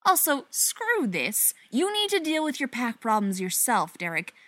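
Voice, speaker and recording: A frantic, sarcastic young woman who babbles fast when things get awkward, as a woman reads her lines. Her pitch leaps and swoops constantly. It is a dry, close recording with no room sound. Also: big pitch swings, sharp tone, no echo, heavily acted. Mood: indignant. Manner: rapid, flustered babbling.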